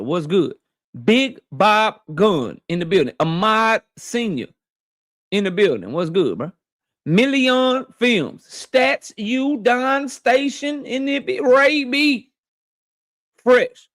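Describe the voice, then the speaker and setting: A high-pitched man talks casually into a dry, close mic from his office. He hosts a live stream, cursing freely and greeting viewers one after another. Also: dry recording. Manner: loose, profane, shouting out viewers by name. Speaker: boxing live-stream host. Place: home office.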